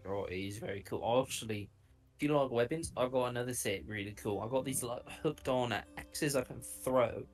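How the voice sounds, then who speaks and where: A man's voice: medium pitch, normal speed, faint music behind. A man playing his character in a tabletop game, easygoing and rambling with lots of fillers. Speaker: player. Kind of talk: in-character tabletop role-play.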